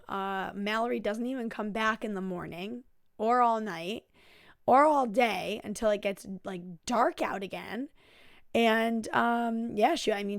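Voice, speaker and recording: A woman's voice: mid-range voice, gravelly, dry recording, studio quality. A woman hosting a casual recap of a reality TV episode, chatty and full of fillers, giving blunt opinions. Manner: chatty, filler-heavy with um, like and you know. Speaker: TV recap show host.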